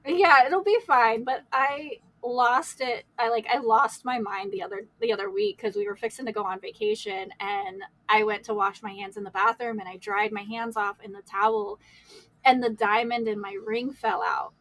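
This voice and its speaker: A woman's voice: mid-range voice, fairly even intonation, normal speed, fairly bright tone, dry recording, rough recording. A woman guest on a podcast, candidly telling her life story in a rambling way, with many "like"s and laughs. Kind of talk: emotional personal storytelling.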